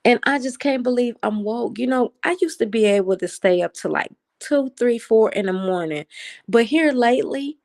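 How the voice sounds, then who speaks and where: A woman hosts a relaxed late-night livestream from home and answers her viewers' comments as they come in. Her natural speaking voice sounds excited and animated even when she is just chatting. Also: fairly high pitch, normal speed, creaky. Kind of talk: casual live chat, reading viewer comments.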